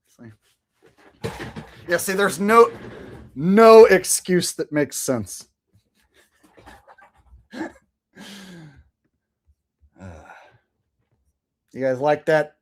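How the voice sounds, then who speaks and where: A man's voice: fairly high pitch, lively intonation, very slow, pauses often. A man hosting a live stream, chatting sarcastically with viewers and rambling between topics. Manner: sarcastic, rambling, talks to chat. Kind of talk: casual live-stream commentary.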